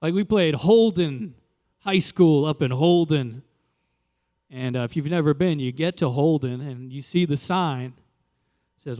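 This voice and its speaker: Young louisiana guy doing standup, smooth clear voice on the higher side, chatty and loose, pops into big voices. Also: measured pace, big-room sound. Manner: loose, conversational, with animated quoted voices. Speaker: stand-up comedian. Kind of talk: stand-up set. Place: live comedy venue.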